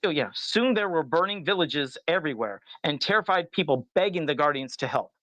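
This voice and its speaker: A man's voice: fairly high pitch, lively intonation, brisk, a bit bright, no echo, muffled recording. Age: adult. Sex: man. Role: podcast co-host. Style: casual storybook read-aloud. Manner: casual, chuckles as he reads.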